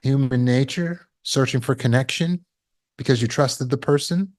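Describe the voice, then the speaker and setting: A man's voice: medium pitch, normal speed, a little mellow. Man teaching with rhetorical questions. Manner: asks rhetorical questions, repeats words while thinking. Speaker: healing course teacher. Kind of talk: spoken lesson to an online audience.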